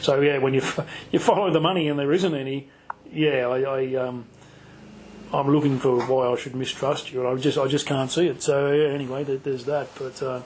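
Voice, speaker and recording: A man's voice: medium pitch, fairly even intonation, moderate pace, noisy background. A man with an Australian accent hosting a podcast, casual and blunt, swearing freely. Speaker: podcast host. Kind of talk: casual conversation.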